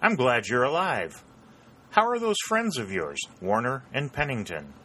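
A man's voice: mid-range voice, sing-song, unhurried, husky, voice pushed up, full character voice. A man doing a joyous young soldier. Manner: joyous, hailing loudly. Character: tall lean cheerful young male soldier.

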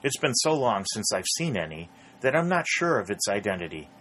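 A man's voice: on the low side, very animated, fairly quick, a bit bright. A man reading the lines of a good-humoured young captain in a storybook, easygoing and courteous. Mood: friendly.

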